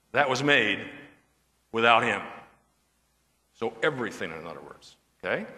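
A man's voice: fairly high pitch, very animated, measured pace, sharp tone, big-room sound. A man, a pastor, teaching a verse-by-verse bible study and often checking in with his listeners through questions. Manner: asks the audience questions, checks with "okay?".

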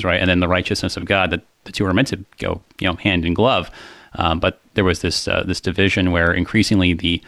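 Casual co-host, male, deep voice, dry close sound, thinks aloud with frequent fillers. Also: fairly bright tone, no echo. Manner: thoughtful, many fillers and restarts. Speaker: co-host discussing a psalm. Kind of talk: casual theological discussion.

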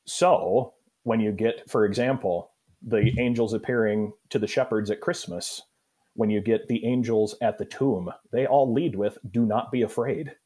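A male pastor leads a Bible study discussion, explaining the Greek behind a passage. His voice sits low and sounds somewhat husky. He thinks aloud, pausing with fillers and circling back mid-sentence. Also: dark tone. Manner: thoughtful, explanatory, pauses with fillers.

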